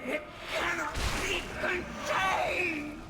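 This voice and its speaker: A game villain who spreads plague, proclaiming doom in slow, shouted threats. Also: very high voice, steady tone, background noise, exaggerated voice. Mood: ominous. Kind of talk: game voice acting.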